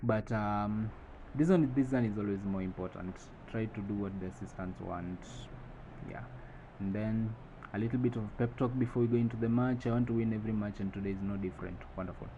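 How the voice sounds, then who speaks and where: A man narrating his football management game, thinking aloud through decisions and breaking into excited play-by-play calls at goals. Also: fairly low pitch, a little fast, lo-fi sound, slight background noise. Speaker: gaming channel host.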